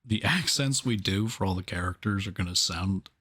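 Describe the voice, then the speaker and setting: A man's voice: low voice, normal speed, a bit bright, husky. A man co-hosting a casual movie review podcast, chiming in with dry, sarcastic asides. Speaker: podcast co-host.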